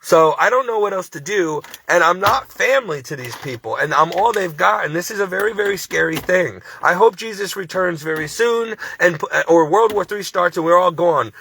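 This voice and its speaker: A man's voice: high-pitched, vocal fry, bright, forceful tone, slight background noise. A sleep-deprived man working as a part-time caregiver, venting to camera in a rambling, exasperated, pleading way. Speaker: devout Christian.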